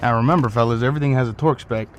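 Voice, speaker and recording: A man's voice: mid-range voice, very fast, slight background noise. A man casually talking to himself and his viewers in a joking way while working on a car outdoors. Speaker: DIY car repair vlogger. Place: outdoors on a windy day.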